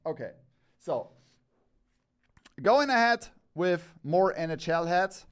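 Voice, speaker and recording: An excitable man hosts a live stream showing off products, his voice pitched a little higher than most men's. He rambles with enthusiasm, piling up praise and repeating himself as he goes from one item to the next. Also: normal speed, long pauses. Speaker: cap store host.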